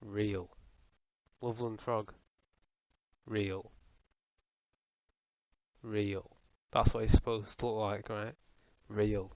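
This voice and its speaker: A man's voice: lowish voice, flat delivery, very slow, long pauses, dry recording. A young man doing a profane, rambling, mock-serious comedic rant as a voice-over. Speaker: comedy video host. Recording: dull lo-fi voice-over with faint music.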